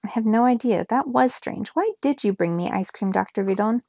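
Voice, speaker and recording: A woman's voice: mid-range voice, brisk, gravelly, warm tone, dry recording, highs cut off. A woman reading aloud, voicing a polite, formal humanoid robot woman who speaks in precise phrases. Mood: earnest. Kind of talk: read-aloud storybook.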